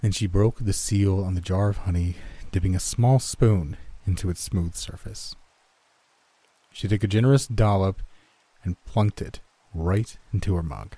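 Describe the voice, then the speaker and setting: Brief: male narrator, low and mellow, dry close sound, wry delivery. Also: a little slow, dry recording. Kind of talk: first-person story narration.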